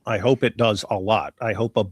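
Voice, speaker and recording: A man's voice: lowish voice, steady tone, brisk, no room sound, clean studio sound. A man co-hosting a live commentary stream, talking emphatically with a mocking edge. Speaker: co-host.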